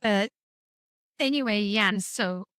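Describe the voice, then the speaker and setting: A woman's voice: mid-range voice, a little slow, fairly bright tone, smooth, no echo. Middle-aged woman, frank and wry, rambly storytelling, dry close mic. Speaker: podcast guest. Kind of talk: candid conversation about grief.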